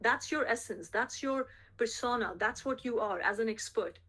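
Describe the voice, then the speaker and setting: A woman's voice: on the high side, normal speed, sharp tone. A woman coaching a sales team on a group call. She speaks emphatically, repeats her key phrases and keeps checking in with the team.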